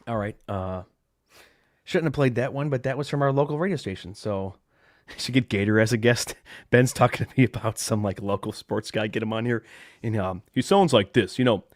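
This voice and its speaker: A man with a fairly low voice hosts a live-streamed podcast, chatting loosely to his viewers. He rambles off the cuff, circling back with fillers and restarts. His voice sits close to a covered desk microphone with a dry, deadened sound. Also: fairly quick, no room sound. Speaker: podcast host. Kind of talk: casual live-stream chat.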